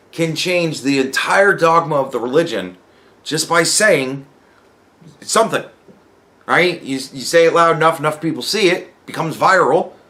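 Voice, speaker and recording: A man's voice: high-pitched, a bit bright. A man hosting a podcast who talks in a casual, profane monologue and acts out other people's replies. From United States. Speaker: podcast host.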